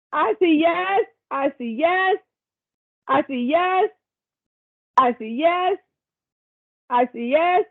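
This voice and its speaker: Woman presenter on a video call, super high voice, chatty encouraging asides, tinny sound. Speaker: workshop presenter. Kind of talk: facilitating a virtual workshop.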